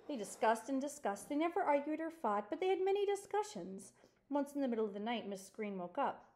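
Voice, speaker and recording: A woman reading a children's chapter book aloud in a teacherly way, pausing to point things out to listeners. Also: sits high, big pitch swings, darkish tone. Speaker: reader.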